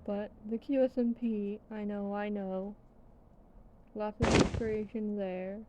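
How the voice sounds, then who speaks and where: A woman's voice: medium pitch, flat delivery, unhurried. A young woman rambling casually in a vlog, tired and yawning, swearing now and then. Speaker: vlogger. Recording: dull lo-fi sound with faint background noise.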